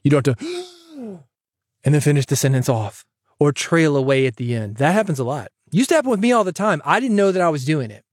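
A man hosting a podcast, giving advice in an energetic, chatty way that jokes with the listener. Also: a little high, fast talker, no room sound, studio quality. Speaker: podcast host and coach.

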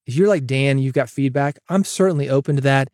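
A man's voice: medium pitch, fairly quick, darkish tone, dry recording, studio quality. A man hosting his own podcast, talking solo to listeners in a conversational, emphatic way that leans on repetition. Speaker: podcast host.

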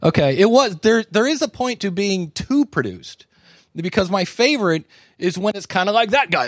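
A man's voice: high voice, moderate pace, no echo. A man hosting a live conference session, critiquing podcasts in front of an audience with jokes and asides. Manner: animated, joking and wisecracking. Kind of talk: live panel commentary.

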